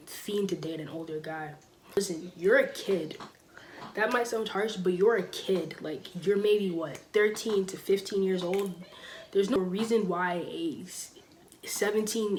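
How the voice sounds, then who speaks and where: A teenage girl talks casually into her camera, giving frank, no-nonsense advice. Her voice sits at a middle pitch and jumps up on emphatic words. A faint hiss runs under the recording. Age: teens. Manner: blunt, emphatic, lively with sudden loud stresses. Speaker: vlogger giving school advice. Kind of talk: casual sit-down advice talk. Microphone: camera mic, sitting.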